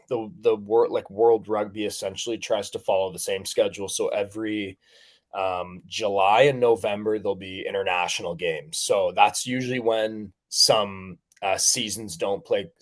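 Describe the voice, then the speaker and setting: Young male athlete from Canada, deep voice, loose filler-heavy interview talk. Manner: rambling, many fillers and restarts. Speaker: professional rugby player guest. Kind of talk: casual interview chat.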